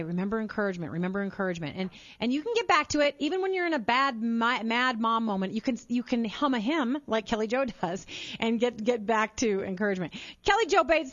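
A woman's voice: a little high, dry recording. Earnest woman podcast host, dull sound. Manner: warm-hearted, earnest, repeats words when excited. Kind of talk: upbeat interview and appeal to listeners.

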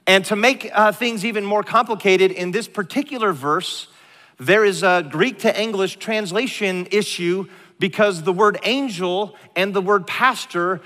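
A middle-aged male pastor delivers a sermon in a large church, his voice slightly high and bright with a forceful edge. He swings between playful, animated storytelling and hushed, earnest moments. A long reverb from the hall trails behind every phrase. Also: unhurried. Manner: animated, joking storyteller who drops to a hushed tone for serious moments.

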